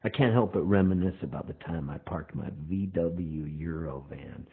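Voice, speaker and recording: A middle-aged man, a touring folk singer, rambling through a spoken monologue intro with drawn-out lines. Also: deep voice, gravelly, husky. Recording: tinny phone-like sound.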